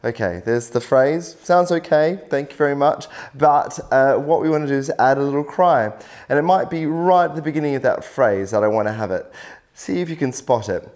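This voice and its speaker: A man's voice: mid-range voice, expressive, a little fast, darkish tone. Man, vocal coach, upbeat teaching tone, mid-range voice. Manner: encouraging, explains with many "lovely" and "little". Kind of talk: instructional video workshop.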